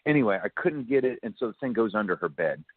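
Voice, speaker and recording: A man on a radio talk show, telling a story in a chatty, animated way, acting out what people said and laughing often. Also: on the low side, fast talker, slightly rough, dry recording. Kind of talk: casual phone-in storytelling. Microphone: telephone. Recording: tinny phone line.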